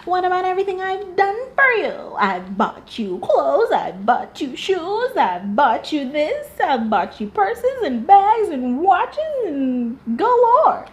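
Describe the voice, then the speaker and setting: A woman voicing a whiny, self-pitying girlfriend who nags her partner in a shrill, drawn-out whine. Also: sing-song, exaggerated voice. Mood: boastful.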